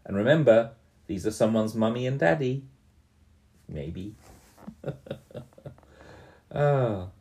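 With a medium-pitched voice and lively intonation, a fifty-something game master tells a tabletop story to a small child. He keeps the pace slow and gentle, stopping often to ask her questions.

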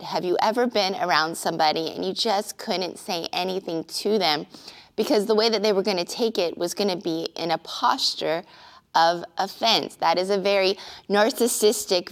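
Earnest woman pastor teaching. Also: medium pitch. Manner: earnest, conversational, with filler "uh"s. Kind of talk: sermon-style teaching.

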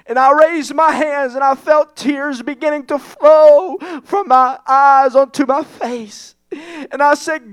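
A man preaching an impassioned sermon in a church, rising to shouts and tearful pleading. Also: extremely high pitch, unhurried, no room sound, clean studio sound. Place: church sanctuary.

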